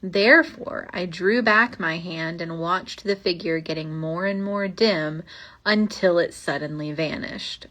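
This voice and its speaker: A woman's voice: fairly low pitch, a bit bright. A young woman hosting a podcast, reading old ghost stories aloud and rambling in a casual, chatty way, full of fillers and asides. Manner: rambling and chatty, many fillers, slows down for spooky lines.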